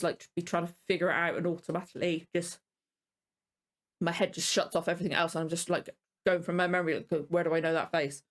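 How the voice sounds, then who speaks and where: A tired woman hosting a reaction video, rambling casually and apologizing often. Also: lowish voice. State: tired and yawning.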